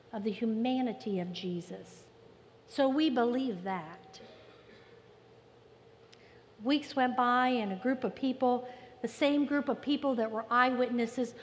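High-voiced woman preaching in a reverberant hall. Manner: emphatic preaching with repeated phrases and pauses. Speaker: pastor. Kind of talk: sermon. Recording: long reverb with faint ambient noise.

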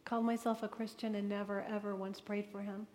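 A woman's voice: medium pitch, level tone, a little fast, darkish tone, a little hiss or hum. Earnest woman telling her story, echoing hall. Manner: earnest, emotional storytelling with vivid retold dialogue. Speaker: speaker addressing an audience. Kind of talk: personal testimony talk. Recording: long reverb of a large hall.

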